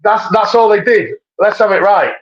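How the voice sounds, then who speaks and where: Blunt man, high voice, dull mic. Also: normal speed. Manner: blunt, sweary, slang-heavy. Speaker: podcast co-host. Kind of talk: casual boxing chat.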